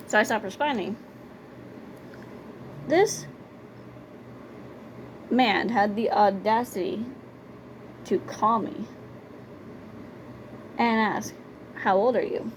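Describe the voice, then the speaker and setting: A woman's voice: on the high side, takes it slowly, long pauses, a little hiss or hum, poor audio. A young woman telling personal stories in a casual vlog, blunt and conversational, repeating words for emphasis. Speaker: storytime vlogger. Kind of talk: casual storytelling.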